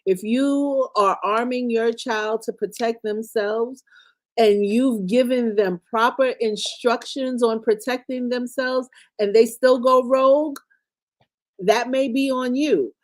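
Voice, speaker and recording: A woman's voice: a little high, fairly even intonation, slow. A woman who is a mother, co-hosting a casual commentary show and talking in a blunt, emphatic way. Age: adult parent. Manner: emphatic, blunt street talk. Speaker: co-host.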